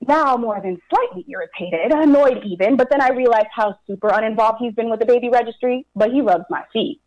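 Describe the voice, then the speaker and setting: A woman's voice: a little high, brisk, darkish tone, rough recording. Wry, sarcastic woman storyteller. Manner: wry, sarcastic, dramatic repetitions. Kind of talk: performed personal storytelling.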